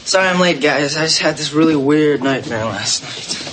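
An actor playing a young man, the teenage son, joking and animated in a sitcom. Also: fairly high pitch, normal speed, noisy background, natural voice. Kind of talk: sitcom acting. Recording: sitcom audio with studio audience laughter.

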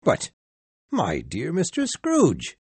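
A man voicing an amazed gentleman who stammers out his questions in disbelief. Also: fairly high pitch, huge pitch swings, slow, husky, dry recording, voice pushed up, heavily acted. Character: astonished middle-aged gentleman collecting for the poor.

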